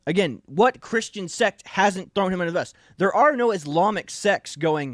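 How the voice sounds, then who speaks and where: Male host, somewhat high voice, dry close sound, pushy and indignant opinion commentary. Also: animated, moderate pace, hardly any pauses, a bit bright, no echo. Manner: emphatic, indignant. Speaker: show host. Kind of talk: opinion talk show commentary.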